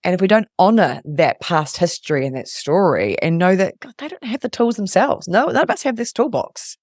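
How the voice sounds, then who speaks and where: A woman's voice: lowish voice, animated, fairly quick, darkish tone, dry recording, clean studio sound. A woman who hosts an interview podcast and works as a resilience coach, speaking in an earnest, reflective way. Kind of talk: interview conversation.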